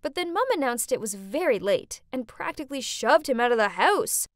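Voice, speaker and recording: Brief: woman narrator, high bright pitch, very lively swings, dry close sound, dramatic storybook read. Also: normal speed, no echo. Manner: animated, exclamatory, dramatic. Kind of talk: scripted first-person story narration.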